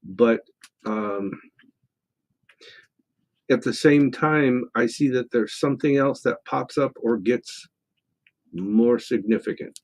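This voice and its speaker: A middle-aged man co-hosting a psychic call-in show, answering listener questions in a relaxed, rambling way full of fillers and restarts. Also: medium pitch, slow pace, pauses often. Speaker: psychic radio show co-host. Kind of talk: casual call-in chat, reading listener questions.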